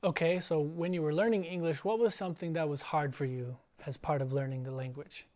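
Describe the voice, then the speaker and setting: A man's voice: a little high, steady tone, a little mellow. A man who teaches and hosts a casual school podcast, talking in a playful, chatty way. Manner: playful, chatty, sounds out words slowly. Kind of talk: casual interview.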